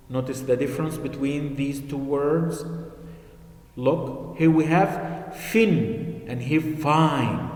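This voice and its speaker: A male teacher giving an online phonics lesson to children, slow and patient, repeating key words. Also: mid-range voice, a little mellow. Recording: echoey room with long reverb.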